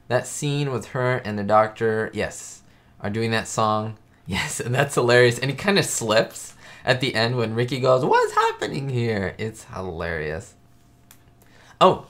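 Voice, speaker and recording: A man's voice: fairly low pitch, fairly bright tone. A man hosting a casual live-stream chat, talking in a rambling way full of "like" fillers.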